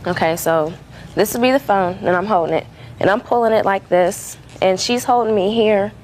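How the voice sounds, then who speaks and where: A woman's voice: mid-range voice, normal speed, a little mellow, slight background noise, poor audio. A woman defendant telling her side in court, rambling and full of fillers and restarts. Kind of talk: courtroom testimony.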